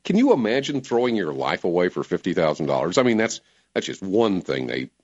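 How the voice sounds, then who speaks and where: A male talk radio host with a low voice that swings widely in pitch as he presses his points. He talks emphatically and animatedly to his callers. The sound is dull and lo-fi, like an old radio broadcast. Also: brisk. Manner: animated, emphatic, laughs easily.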